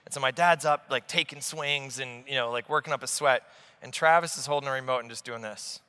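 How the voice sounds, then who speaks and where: Animated, bright-voiced male investor on stage. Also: medium pitch, brisk, clear, resonant tone. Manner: animated storyteller, swears freely. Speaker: investor guest. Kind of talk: on-stage conversation. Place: large conference hall stage. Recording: long hall reverb.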